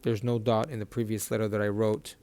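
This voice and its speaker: A man's voice: fairly low pitch, level tone, a little mellow. Patient male teacher sounding out syllables. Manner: patient, repeats each syllable slowly. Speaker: Hebrew reading teacher. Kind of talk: whiteboard lesson.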